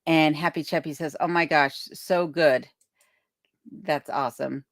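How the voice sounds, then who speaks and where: Low-pitched and steady, a woman talks at a measured pace while hosting a casual livestream from her remote Alaskan home. She reads viewers' comments aloud and thanks them chattily, and her boom-arm desk mic gives a clean studio sound with no room sound.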